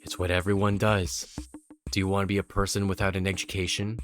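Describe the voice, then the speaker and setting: A man's voice: deep voice, level tone, fairly quick, faint music behind, voice pushed down, lightly acted. Man doing a stern lecturing mother. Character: strict worried middle-aged mother.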